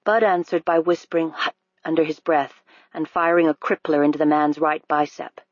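An audiobook narrator reading a novel in a steady, unhurried storytelling manner. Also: mid-range voice, no room sound. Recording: dry, dull lo-fi recording.

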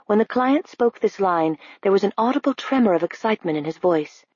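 A woman reading a novel aloud as narrator, in an even, measured way. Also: medium pitch, slightly rough, no echo, muffled recording. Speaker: audiobook narrator. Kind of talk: scripted narration.

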